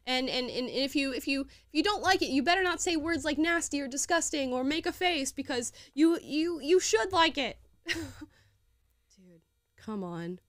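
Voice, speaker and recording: A woman's voice: high voice, lively intonation, moderate pace, no room sound, clean studio sound. Sarcastic young woman hosting a podcast. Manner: sarcastic, laughs often. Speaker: podcast host. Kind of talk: commentary on reaction clips.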